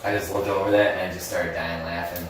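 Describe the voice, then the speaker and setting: A man's voice: sits low, level tone, quick pace, a little hiss or hum. A man talking bluntly as a guest on a casual comedy podcast, swearing as he tells stories. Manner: blunt, swearing, dry storyteller. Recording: echoey room, far from mic.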